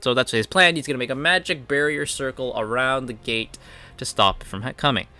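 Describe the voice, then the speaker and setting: A man's voice: medium pitch, brisk, pushed and bright. A man casually recapping and reviewing comic chapters, rambling along with plenty of "like" and "you know".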